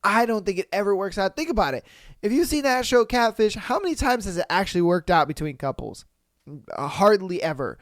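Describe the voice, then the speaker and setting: A man hosting a podcast, reading out posts and reacting with loud, profane, animated commentary and frequent laughter. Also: high-pitched, a little fast, no echo, clean studio sound. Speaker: podcast host. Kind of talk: casual solo commentary on reader posts.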